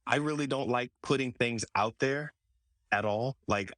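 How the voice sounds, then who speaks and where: A man's voice: mid-range voice, unhurried, a bit bright, no echo. Podcast host guy, rambling story with lots of restarts, dead dry sound. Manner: storytelling with many restarts, quoting himself. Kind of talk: casual conversation.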